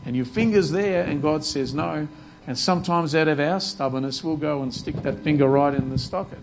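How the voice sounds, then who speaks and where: A man's voice: fairly high pitch, normal speed, gravelly, noisy background. A man preaching a sermon earnestly, often repeating words as he restarts his sentences. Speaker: pastor.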